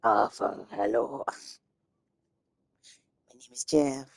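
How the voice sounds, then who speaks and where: A woman doing an impression of a gruff male gangster from a crime series, drawling a slow greeting. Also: extremely low pitch, no echo, clean studio sound, voice pushed down, full character voice.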